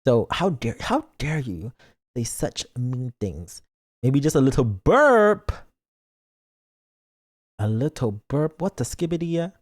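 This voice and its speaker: A man's voice: medium pitch, sing-song, takes it slowly, long pauses. A man streaming a game as a VTuber, chatting casually with his viewers in a playful, goofy, mock-defensive way.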